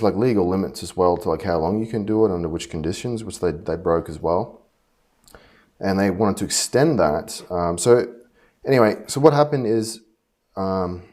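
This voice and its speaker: Low-voiced guy venting, rambly, lots of ums and restarts, kinda fed up. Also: darkish tone. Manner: rambling, halting, frustrated, many fillers and restarts. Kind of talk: casual personal monologue.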